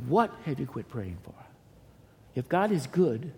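Warm-voiced pastor preaching in a hall. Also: male voice, mid-range voice, big pitch swings, a little slow. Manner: emphatic and repetitive, swinging from loud pleas to hushed near-whispers. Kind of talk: sermon. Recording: reverberant hall with faint noise.

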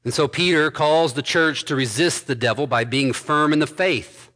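A man preaching an expository sermon, building to emphatic points with quick asides. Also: fairly high pitch, pushed and bright. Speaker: pastor.

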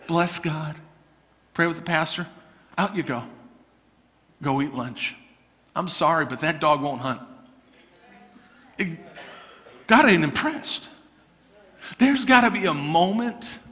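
High bright-voiced preacher guy, animated sermon, echoey church hall. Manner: animated, conversational preaching with acted-out quotes. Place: church sanctuary.

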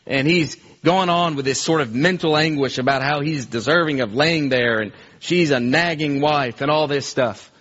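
A man delivers a sermon in a somewhat high voice, earnest and unhurried, slowing down to lean on key phrases. The sound is a little dull and lo-fi. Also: a bit bright. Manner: earnest, acts out everyday scenes, slows for emphasis. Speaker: preacher.

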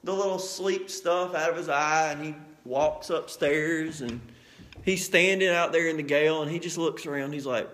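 A man preaching a sermon, telling Bible stories with lively acted-out scenes and plain, folksy asides. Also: on the high side, normal speed. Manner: animated storytelling, acts out scenes.

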